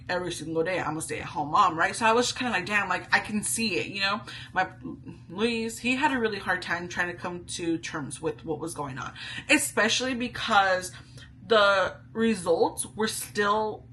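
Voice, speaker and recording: A woman's voice: mid-range voice, pushed and bright, slight background noise, poor audio. A young woman, a stay-at-home mom, telling a candid story to camera in a chatty, casual way full of asides and slang.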